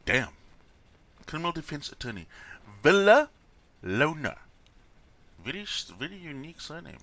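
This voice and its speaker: A man's voice: fairly high pitch, sing-song, a little fast, pushed and bright. A man streaming, casually reacting to a news broadcast with wry, joking asides.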